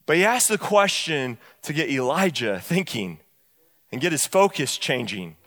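A man, a pastor, preaching a sermon in church, stressing lines slowly and dropping soft and low on key phrases, then speeding up as he tells a story. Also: big pitch swings, in a large hall. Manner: bursts of quick storytelling between slow, stressed lines.

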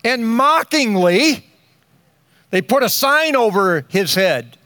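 An older man preaching a sermon, slow and emphatic, with dramatic pauses between phrases. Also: very high voice, big pitch swings, bright, forceful tone, dry recording. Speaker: pastor.

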